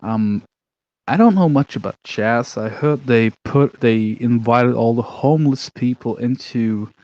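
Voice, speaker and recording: A man's voice: mid-range voice, unhurried, darkish tone, no room sound, dull audio. A man co-hosting a stream, rambling in a mocking, offhand way and reading out chat questions. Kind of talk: casual political chat.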